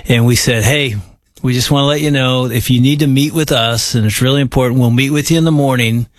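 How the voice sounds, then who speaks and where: A pastor in his forties, speaking in a relaxed, affirming way while sharing stories from his church's early years. His voice sits in a middle register, recorded close and dry with no room echo. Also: medium pitch, fairly quick. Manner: affirming, anecdotal. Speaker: pastor and co-host. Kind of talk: casual conversation.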